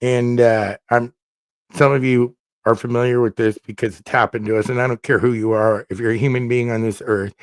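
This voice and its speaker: A man hosting a casual comedy podcast, an animated storyteller who is often laughing and joking. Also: mid-range voice, brisk, clean tone, dry recording, studio quality. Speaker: podcast host.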